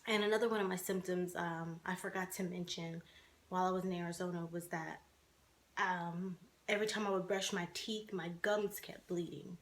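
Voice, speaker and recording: A woman's voice: on the low side, fairly even intonation, moderate pace, slight background noise. Young woman telling her story candidly. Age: 20s. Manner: candid and conversational, many fillers and restarts. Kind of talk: personal storytelling to camera.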